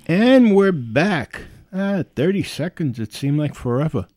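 A man's voice: on the high side, big pitch swings, a little slow, hardly any pauses, a little mellow, faint music behind. A man from the Bronx with a strong New York accent, hosting a solo podcast in a blunt, folksy way and chuckling often. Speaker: podcast host.

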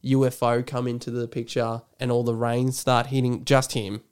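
Guy cohosting a movie podcast, smooth clear voice, gets animated recapping scenes. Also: medium pitch, moderate pace. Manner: animated retelling of film scenes, laughs often. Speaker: podcast co-host. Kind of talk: casual film review chat.

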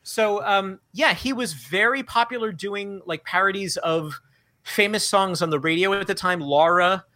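A man's voice: sits high, moderate pace. A man co-hosting a podcast, telling stories in casual chat with many fillers. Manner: animated storytelling, many fillers. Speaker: podcast co-host.

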